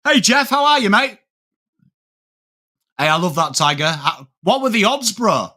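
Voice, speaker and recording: A man with a Yorkshire accent hosts a live football watchalong, talking casually with viewers and answering chat comments. His voice sits a little high and has a bright, forceful edge. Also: sing-song, measured pace. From England. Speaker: livestream host.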